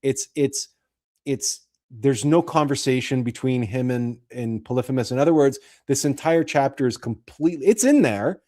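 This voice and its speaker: A man hosting a show, retelling and explaining a classic story in a deliberate, explanatory way. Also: mid-range voice, mellow. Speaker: host.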